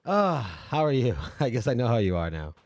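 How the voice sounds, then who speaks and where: A man's voice: sing-song, normal speed, no room sound. A man hosting a podcast, chatting casually and easygoing, laughing often. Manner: laughing, easygoing, bouncy pitch. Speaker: host.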